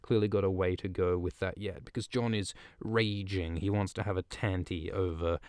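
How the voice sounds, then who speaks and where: Man, podcast host, rambling irreverent book recap, low voice, dry close sound. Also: steady tone, normal speed, darkish tone, no room sound. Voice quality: rambling, irreverent, swears freely. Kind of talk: casual comedic book recap.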